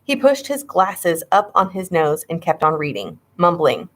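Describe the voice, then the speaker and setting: A woman's voice: on the low side, sing-song, unhurried. A woman narrating a children's horror story, reading with dramatic suspense. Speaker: audiobook reader.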